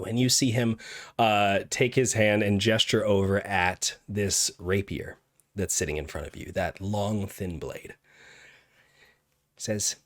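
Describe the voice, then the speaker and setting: A man narrating a tabletop game as dungeon master, with halting, filler-heavy narration. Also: on the low side, steady tone, a bit bright.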